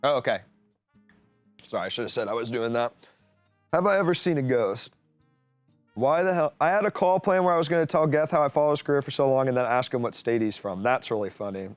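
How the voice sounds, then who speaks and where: A man's voice: mid-range voice, a little fast, dry recording, faint music behind. A man hosting a live call-in show, talking casually and rambling with jokes and swearing. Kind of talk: casual live stream chat. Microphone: studio mic.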